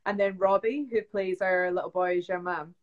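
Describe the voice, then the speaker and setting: A young woman, an actress chatting on a video call live stream, telling stories lively and acting out quotes. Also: fairly low pitch, moderate pace, dull audio. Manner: chatty storyteller, acts out quotes, laughs often. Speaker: actress guest. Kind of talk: casual live-stream chat. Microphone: phone or webcam on a video call.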